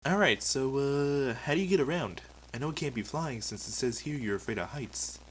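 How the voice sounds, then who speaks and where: A man's voice: mid-range voice, expressive, normal speed, a little hiss or hum, rough recording. A man hosting a comedic mock talk show, asking questions in a flustered, patient way. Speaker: talk show host in a sketch.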